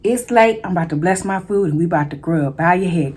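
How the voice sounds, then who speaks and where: A woman's voice: lowish voice, a little fast, few pauses, a little mellow, breathy edge. A woman hosting a mukbang food vlog, chatting casually to her viewers as she eats. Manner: chatty, addresses viewers as y'all, eats between words. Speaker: food vlogger.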